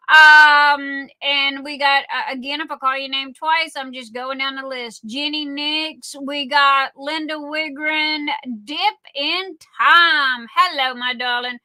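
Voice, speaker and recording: Speaking slowly and brightly with fairly even intonation, a high-voiced Southern woman chats casually on her livestream. She wanders from topic to topic and addresses viewers as darling, in a close, dry recording without any echo or room sound.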